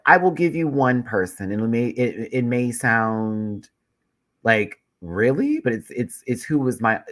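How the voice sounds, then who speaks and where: A very low-pitched man talks casually to his live-stream viewers, rambling and cursing. He is stuffy with a head cold. The sound is dry and close, with no room echo. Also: a bit bright. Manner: chatty and rambling, swears freely. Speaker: YouTube recap host.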